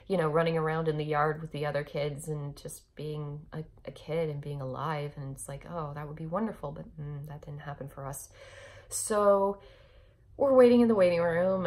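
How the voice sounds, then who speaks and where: A young woman candidly telling an emotional personal story as a vlogger, with nervous laughs and frequent restarts. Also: sits low.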